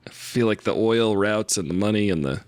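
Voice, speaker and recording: A man's voice: lowish voice, lively intonation, brisk, dry recording. A man co-hosting a comedy podcast, chatting casually and laughing often. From United States. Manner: laughs a lot, jokey. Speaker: podcast co-host.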